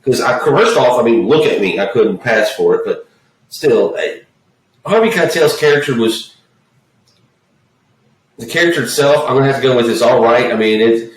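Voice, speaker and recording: A man's voice: mid-range voice, normal speed, pauses often. A man co-hosting a casual movie review podcast, ranting and swearing freely as he complains about the film. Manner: profane, ranting, animated complaining. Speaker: podcast co-host. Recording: roomy echo, distant mic.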